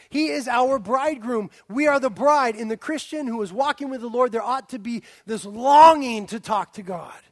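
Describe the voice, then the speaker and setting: A man preaching a sermon as a pastor, animated and swinging from loud exclaiming to a hushed near-whisper. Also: sits high, no echo, clean studio sound. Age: young adult.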